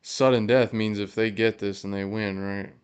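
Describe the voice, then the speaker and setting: A male fan podcast host giving live reaction to a football game into a podcast mic, excitable, swearing, cheering and groaning at each play. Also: lowish voice, normal speed, clear, resonant tone, muffled recording.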